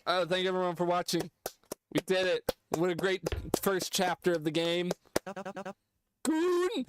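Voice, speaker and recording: Brief: male streamer, relaxed joking commentary, a bit higher than most men. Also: moderate pace, slight background noise. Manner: offhand, joking, swears casually. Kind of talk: casual game commentary.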